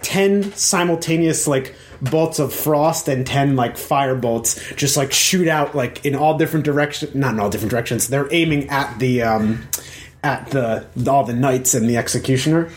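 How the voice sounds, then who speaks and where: A man's voice: fairly high pitch, a little hiss or hum. A man running a tabletop game as dungeon master, narrating the scene in a loose, rambling way full of fillers and restarts.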